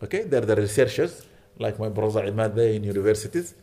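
A man's voice: lowish voice, lively intonation, quick pace, mellow. A man preaching a sermon in a mosque, emphatic and repetitive, often checking in with his listeners and weaving in Arabic phrases and recitation. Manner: emphatic, repeating points and checking in with "Okay?".

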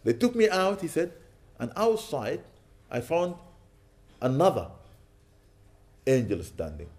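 A man's voice: a little high, wildly swooping pitch, takes it slowly, a little mellow. A man speaking as a sheikh, giving a storytelling sermon in which he quotes Arabic and then translates it. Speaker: sheikh giving an Islamic lecture.

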